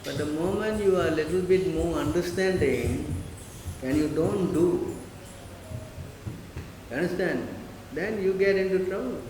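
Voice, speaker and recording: A man giving a lively spiritual lecture, full of rhetorical questions. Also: on the high side, measured pace, long pauses. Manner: animated, rhetorical questions, mimics listeners. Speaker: spiritual teacher. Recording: echoey hall, faint noise.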